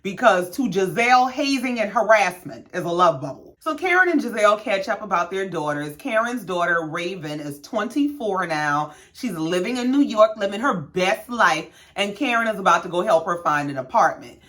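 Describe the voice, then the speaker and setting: Woman reality-recap host, sassy and animated, acts out cast voices, very expressive pitch. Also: normal speed, few pauses. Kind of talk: casual recap commentary.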